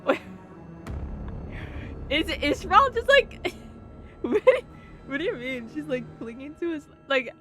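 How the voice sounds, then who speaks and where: Giggly, animated young woman streamer. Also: high-pitched, takes it slowly, long pauses, over music. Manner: giggly, filler-heavy chatter. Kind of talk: casual game commentary.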